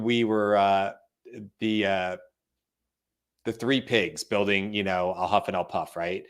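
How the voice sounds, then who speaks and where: Lower-voiced man telling a lively story. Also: unhurried, clean tone. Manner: animated storyteller, quoting and mimicking voices. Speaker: podcast co-host. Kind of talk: casual chat.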